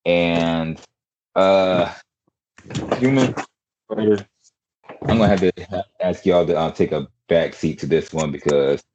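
A man's voice: deep voice, darkish tone, lo-fi sound. A man hosting a podcast in casual chat, rambling with lots of fillers and restarts over an online call. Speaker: podcast host.

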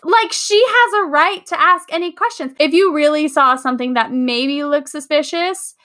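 A woman from California co-hosting a book podcast, telling stories in animated casual chat and acting out the people she quotes. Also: high-pitched, moderate pace. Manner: animated storytelling, acts out quotes. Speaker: podcast co-host.

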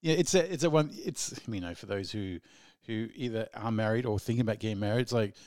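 A man's voice: fairly low pitch, quick pace, darkish tone, no echo, clean studio sound. A man co-hosting a radio show, easygoing and agreeable, laughing often and trailing off mid-sentence. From Australia. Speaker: radio co-host. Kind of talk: casual on-air banter.

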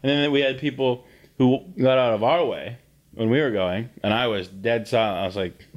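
A man's voice: medium pitch, normal speed. A young Canadian man co-hosting a podcast, chatting casually, swearing a lot as he rants and laughs. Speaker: podcast co-host. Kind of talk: casual chat.

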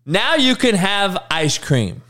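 A man playing an overly gentle modern parent who talks in a soft, coaxing, patient way. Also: high-pitched, sing-song, takes it slowly, heavily acted.

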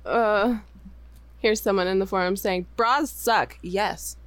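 A woman's voice: mid-range voice, fairly even intonation, unhurried, no room sound. A woman co-hosting a podcast in casual chat, laughing often between her lines. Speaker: podcast co-host.

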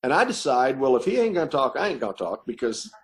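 Gravelly man telling a story. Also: medium pitch, very animated. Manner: rambling, halting with many ums and repeated words. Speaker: interview guest. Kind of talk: casual storytelling.

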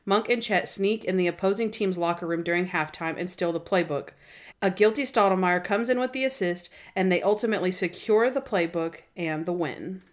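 A woman's voice: lowish voice, fairly quick. A woman co-hosting a podcast, recapping a TV episode in bubbly, chatty fashion and acting out scenes with big voices. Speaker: podcast co-host. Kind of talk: casual episode recap chat.

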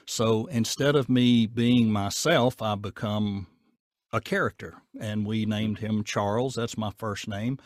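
A man with a Southern accent, talking casually in an interview in a folksy, down-to-earth way with a gruff edge. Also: lowish voice, fairly even intonation, unhurried, no echo, clean studio sound. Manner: folksy, down-to-earth, rambling with fillers. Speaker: voice actor guest.

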